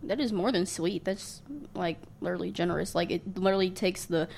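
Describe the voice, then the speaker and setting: A woman's voice: fairly low pitch, fairly even intonation, brisk, creaky, darkish tone, slight background noise. A woman co-hosting a casual podcast who talks loosely with lots of "like" and "um" and jokes about herself. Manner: chatty, filler-heavy, self-deprecating. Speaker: podcast co-host. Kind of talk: casual chat.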